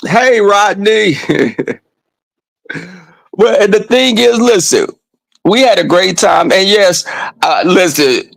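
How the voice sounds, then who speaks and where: A man vlogging a casual story monologue, animated and profane, breaking off now and then to scold his dog. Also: sits high, slow, creaky, long pauses, no room sound, low-quality recording.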